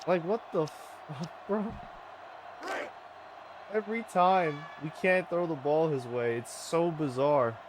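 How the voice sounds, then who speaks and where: A man casually commentating his own football video game run, offhand and swearing, with sudden excited outbursts. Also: on the high side, takes it slowly, background noise. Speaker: gaming channel host. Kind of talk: casual let's-play commentary.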